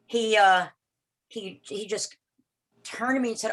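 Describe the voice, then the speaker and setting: This meeting participant, an older woman, tells a story from her life at a leisurely pace on a video call, rambling with many restarts and repeated words and doing voices for the people in it. Her medium-pitched voice is steady and a bit bright, though the audio is poor.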